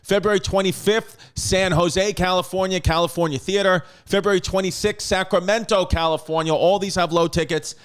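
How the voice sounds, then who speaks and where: Man podcast host, casual crude banter, slightly high voice, smooth and clear. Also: steady tone, normal speed, hardly any pauses, a bit bright. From United States. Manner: joking, crude, rattles off tour dates.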